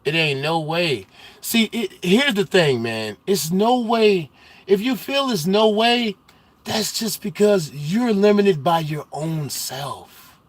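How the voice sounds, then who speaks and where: A young man hosts a trucking livestream, trading banter with his viewers in heavy slang. His voice sits a little on the high side, and he gets loud and animated when he teases the chatters. Between the jokes he talks plainly and casually about life on the road. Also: slow pace. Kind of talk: casual livestream chat, reading viewer comments.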